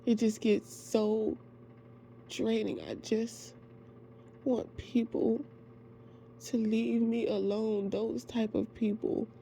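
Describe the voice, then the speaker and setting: A woman, a faith ministry creator, speaking in a halting, heartfelt personal monologue with soft trailing phrases. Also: on the high side, level tone, creaky, slight background noise.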